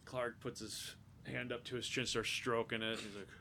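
Man, game master, gravelly voice, bright tone, faint hiss. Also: mid-range voice, monotone, moderate pace. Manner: loose, rambling, frequent restarts. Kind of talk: narrating a tabletop game.

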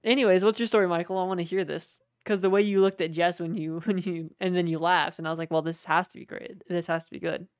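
A man's voice: high-pitched, fairly even intonation, fast, hardly any pauses, clean tone, no room sound, studio quality. A young man co-hosting a podcast, chatting casually, joking and swearing as he rambles. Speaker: podcast co-host. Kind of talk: casual chat.

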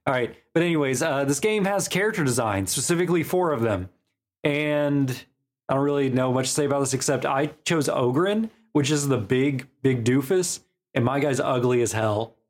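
A man's voice: mid-range voice, moderate pace. A man co-hosting a gaming podcast from home over an online call, chatting casually and telling stories with jokes and animation. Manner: joking, animated storyteller. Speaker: podcast co-host. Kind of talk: casual chat.

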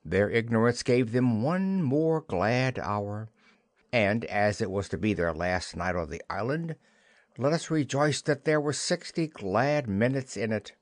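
A man narrating a classic children's storybook in an expressive, unhurried way. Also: mid-range voice, no echo, studio quality. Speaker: audiobook narrator.

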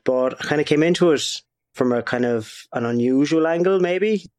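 A man's voice: a little high, moderate pace, a little mellow. An Irish man talking over a video call as a guest about the audio drama he made, chatty, laughing often and restarting his sentences. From Ireland. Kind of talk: casual interview chat.

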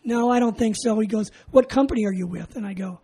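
An older man from California recounts his army days in an oral history interview. His voice is mellow and warm. He tells it in a lively way, acting out each side of the conversation and laughing along, with faint noise behind him. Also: sits high, quick pace, poor audio. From California, USA. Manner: animated, acts out dialogue, laughs often. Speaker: interviewee, veteran.

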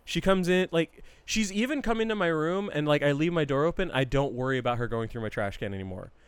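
A young man chatting casually with friends, telling animated stories, swearing often and acting out what his dog thinks. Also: on the high side, fast talker, clear, resonant tone, no room sound. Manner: animated storyteller, swears a lot, acts out a dog's thoughts. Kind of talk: casual chat.

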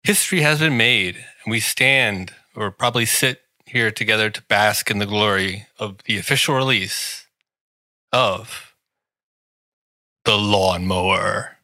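A man's voice: fairly low pitch, measured pace, bright, forceful tone, dry recording. A man reading a comedic ad with sarcastic, mock-grandiose flair, teasing the listener. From Washington, D.C. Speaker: podcast host reading an ad. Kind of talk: comedic ad read.

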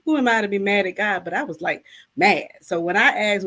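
A woman's voice: medium pitch, a little fast, a bit bright. A woman guest co-author, telling her personal testimony candidly and acting out her own prayers.

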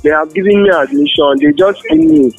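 A man's voice: high voice, very animated, fairly quick, vocal fry, darkish tone, slightly rough, faint music behind. A young man on a phone call. He pleads in a flustered way and keeps addressing the other man as sir. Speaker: prank call target.

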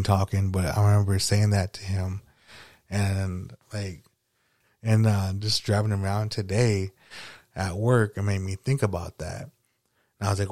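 A man's voice: deep voice, warm tone, dry recording, studio quality. A man hosting a podcast, chatting casually and nostalgically, rambling with lots of fillers and swearing. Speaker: podcast host.

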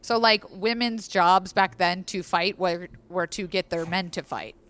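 A woman's voice: on the low side, a little slow, a bit bright. A woman, a guest author, reading history aloud on a podcast and breaking off into profane, joking asides. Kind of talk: casual podcast storytelling.

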